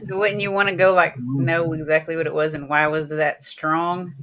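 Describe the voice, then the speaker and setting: A man's voice: a little high, steady tone, moderate pace, sharp tone. A man hosting a podcast, chatting casually and asking curious, eager questions. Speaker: podcast host. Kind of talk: casual interview chat.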